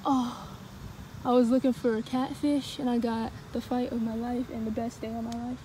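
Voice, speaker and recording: A tired woman with a cracking voice, rambling excitedly in a casual outdoor fishing vlog by a pond, recorded on a handheld camera. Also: on the high side, moderate pace, slight background noise, rough recording. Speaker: fishing vlogger. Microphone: handheld phone or action camera.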